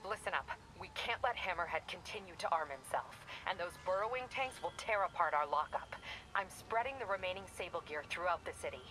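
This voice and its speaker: A woman's voice: fairly low pitch, lively intonation, a little fast, over music, natural voice, poor audio. An actress playing a tough female police captain who gives clipped, commanding orders in a video game.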